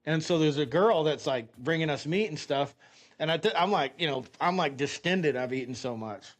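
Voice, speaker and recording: An American man with a fairly high voice speaks at a moderate pace. Streaming a game, he tells a rambling story in casual chat, swearing freely.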